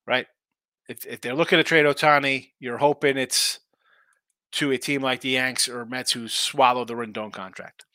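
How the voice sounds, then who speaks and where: A man's voice: mid-range voice, fairly even intonation, normal speed, pushed and bright, dry recording. A man hosting a sports betting show, talking casually and rambling through opinionated takes full of rhetorical questions.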